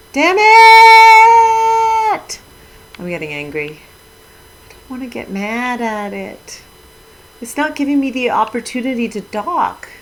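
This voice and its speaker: A middle-aged woman streamer chatting to her viewers while she plays a video game at her desk mic. She talks in a loose, chatty way and exclaims with mild, homely oaths when things go wrong. Her voice sits at an ordinary middle pitch for a woman. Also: a little hiss or hum, rough recording. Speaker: Twitch streamer. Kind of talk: casual gaming livestream chat.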